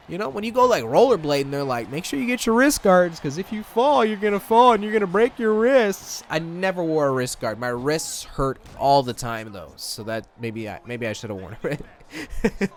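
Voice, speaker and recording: A man's voice: high voice, a bit bright, slight background noise. A young man from Michigan casually commentating a wrestling video game, rambling and slipping into goofy voices. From Michigan, USA. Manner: rambling, self-interrupting, slips into goofy voices.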